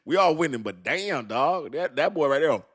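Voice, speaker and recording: A man hosting a casual livestream, talking in an animated, slangy way, laughing often and calling out to his chat. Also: a little high, normal speed, slightly rough. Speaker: crypto livestream host.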